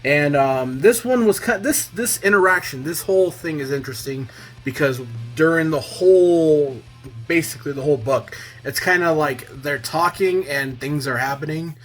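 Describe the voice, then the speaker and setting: A man giving a casual, enthusiastic review in a vlog, talking loosely and filling pauses with "um" and "you know.". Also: a little high, fairly bright tone, faint music behind. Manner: enthusiastic, loose, heavy on fillers. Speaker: comic book reviewer.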